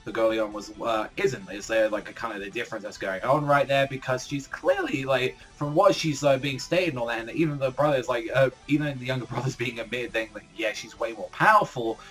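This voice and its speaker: Male reviewer, mid-pitched, loose and excitable, swearing freely, faint music bed. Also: brisk, few pauses. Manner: rambling, heavy filler words, swears often. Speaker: manga reviewer. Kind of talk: casual reaction commentary.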